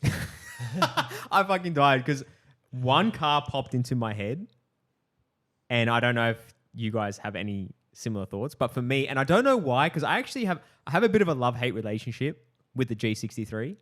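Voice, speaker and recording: A man's voice: medium pitch, sing-song, a little fast, a bit bright. A man hosting a podcast, chatting casually with friends, laughing often and swearing freely. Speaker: podcast host. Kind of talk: casual chat.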